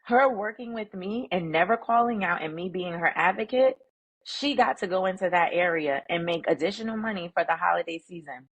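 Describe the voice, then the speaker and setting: Husky-voiced woman telling work stories. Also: on the low side, brisk, rough recording. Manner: animated, emphatic, acts out quoted dialogue. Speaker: guest, emotional intelligence speaker. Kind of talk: conversational storytelling.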